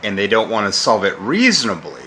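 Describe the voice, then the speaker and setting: A man's voice: fairly low pitch, wildly swooping pitch, a little fast, sharp tone, a little hiss or hum. Mocking, combative middle-aged man ranting. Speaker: channel host. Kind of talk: ranting monologue to camera.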